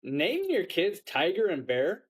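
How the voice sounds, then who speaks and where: A man's voice: sits high, sing-song, unhurried, slightly rough, low-quality recording. A man co-hosting a casual podcast, cutting in with wry comments. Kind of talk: casual chat.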